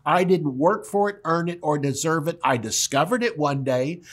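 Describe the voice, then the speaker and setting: A man's voice: a little high, animated, moderate pace. A male pastor teaching verse by verse on a broadcast, stressing and repeating key words.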